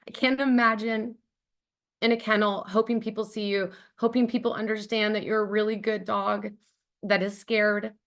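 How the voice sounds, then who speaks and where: A woman's voice: medium pitch, fairly bright tone. A woman presenting her charity's program on a webinar over a video call, talking in an enthusiastic, conversational way with frequent ums and likes.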